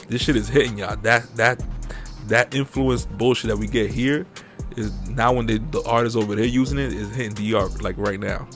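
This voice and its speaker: A young man, hosting a podcast in a profane, animated rant that jumps into mocking high-pitched impressions. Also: gravelly. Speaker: podcast host. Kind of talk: casual uncensored podcast rant.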